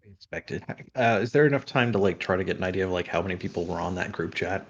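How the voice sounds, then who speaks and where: A man playing in a tabletop game, relaxed and halting with fillers. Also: deep voice, muffled recording, slight background noise. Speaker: player. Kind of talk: casual tabletop play.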